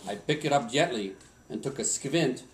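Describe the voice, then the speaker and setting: A man's voice: mid-range voice, normal speed, slight background noise, natural voice. A man putting on a mock Swedish accent to voice a tipsy old lumberjack, reciting a Christmas poem in a sing-song, chuckling way. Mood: jolly. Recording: roomy home recording from a distance.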